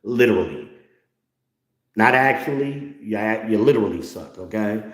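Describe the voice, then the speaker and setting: Speaking to viewers at home on his livestream, this host delivers a blunt, profane, preachy monologue and calls out for amens. His voice sits on the low side and is expressive at a normal speed, with a roomy echo around it.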